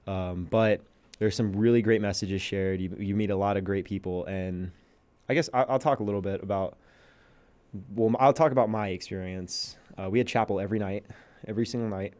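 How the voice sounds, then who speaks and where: Young male podcast guest, low voice, lively storyteller, casual. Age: young adult. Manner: animated storyteller, acts out quotes.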